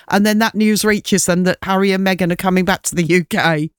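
A woman hosting a radio show, chatting in a gossipy, animated way with quick asides. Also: medium pitch, clear, resonant tone, dry recording, clean studio sound.

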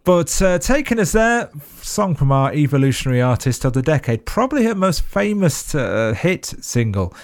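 A man's voice: a little high, big pitch swings, normal speed. A man hosting a music radio show, chatting loosely between songs with plenty of fillers and restarts.

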